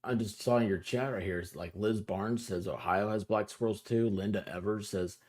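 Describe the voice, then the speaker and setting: A woman lawyer joining as a guest, talking in quick animated bursts and poking fun at herself. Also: rumbling low, noisy background. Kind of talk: casual chat.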